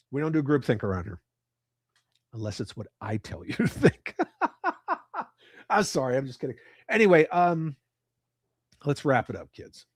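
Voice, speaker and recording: A man's voice: medium pitch, a little mellow, no room sound, studio quality. A man hosting a livestream, joking around and swearing freely while chatting with viewers from home. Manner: profane, joking banter. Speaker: livestream host. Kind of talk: casual chat with live viewers. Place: at home with his cats.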